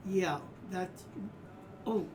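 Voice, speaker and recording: A woman's voice: fairly low pitch, very slow, far from the mic, background noise. A woman playing in a tabletop game, asking questions in a tentative, casual way. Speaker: player.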